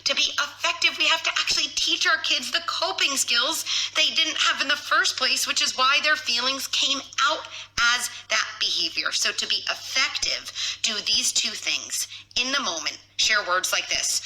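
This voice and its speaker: A woman's voice: high-pitched, lively intonation, normal speed, few pauses, bright, forceful tone, rough recording. A woman parenting expert giving firm, emphatic instructive advice in a short clip.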